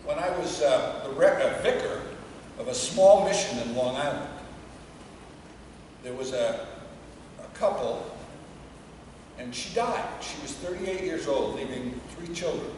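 A woman priest giving a conversational sermon to a congregation, dropping to a hush when she tells a story. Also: low-pitched, lively intonation, measured pace, pauses often, a little hiss or hum. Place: church before a congregation. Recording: echoey church from far off.

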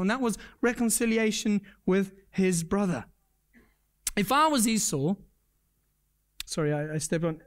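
Earnest preacher man giving a sermon. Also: high voice. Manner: earnest, repeats key points, asks the congregation questions; self-deprecating humor. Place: church service.

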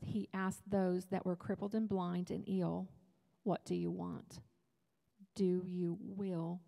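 A woman's voice: mid-range voice, vocal fry, warm tone, long reverb tail. A woman preaching at a women's retreat, talking to the crowd in a loose, joking way. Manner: conversational, humorous preaching with asides. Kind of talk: sermon. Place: church hall.

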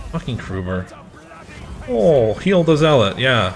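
A man playing a video game and commenting as he plays, swearing and shouting at the game, then rambling through a story. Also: mid-range voice, measured pace, long pauses. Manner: profane, excitable outbursts at the game; chatty, rambling anecdotes. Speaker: gamer.

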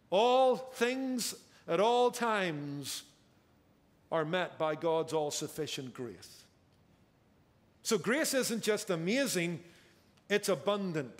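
A man preaching a sermon as pastor, emphatic and drawing out key words for effect, recorded in a church sanctuary. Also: sits high. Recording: church hall with long reverb.

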